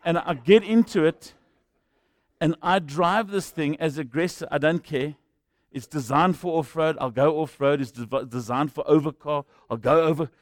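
A middle-aged man preaching a sermon, telling stories that swing from hushed to shouting. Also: a little high, normal speed, no room sound, clean studio sound. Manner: storytelling, swings from quiet to shouting. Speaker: pastor.

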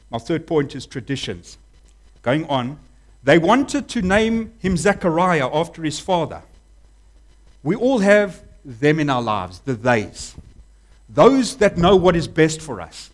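A man preaching a sermon as pastor, animated, acting out voices and dropping to a hush. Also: on the high side. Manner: animated preaching, acts out voices, swings from loud to hushed.

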